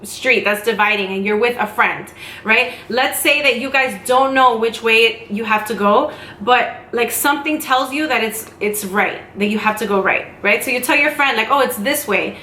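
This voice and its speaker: A woman talks casually to her camera, rambling and breaking into quick asides. Her voice sits a little high and rings bright and forceful. The sound is roomy and echoey, picked up by the camera's own mic. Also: slight background noise. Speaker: vlogger. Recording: echoey room.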